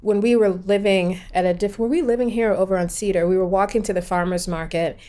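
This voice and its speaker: A woman in casual conversation, telling a personal story in an animated, emphatic way with many fillers. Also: mid-range voice, quick pace. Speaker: partner sharing a personal story.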